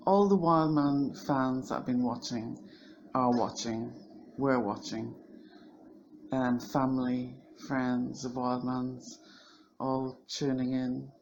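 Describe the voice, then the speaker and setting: A woman's voice: extremely low pitch, a little mellow, a little hiss or hum. A middle-aged woman giving critical commentary on a video clip, in an indignant and dismissive way.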